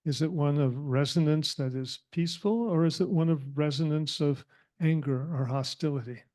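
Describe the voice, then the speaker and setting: A man giving a reflective sermon to a spiritual community, speaking with thoughtful pauses. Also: on the high side, warm tone.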